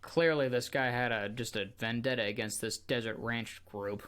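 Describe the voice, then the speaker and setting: An animated man co-hosting a casual podcast. He jokes around, swears freely and jumps from one tangent to the next. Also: medium pitch, normal speed, clear, resonant tone. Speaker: podcast co-host. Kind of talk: casual chat.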